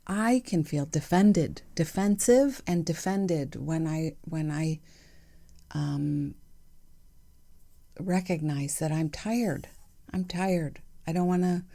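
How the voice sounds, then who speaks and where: A woman hosting her own podcast, talking candidly and reflectively in a chatty way with soft laughs. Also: on the low side. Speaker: podcast host. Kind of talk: reflective solo podcast monologue.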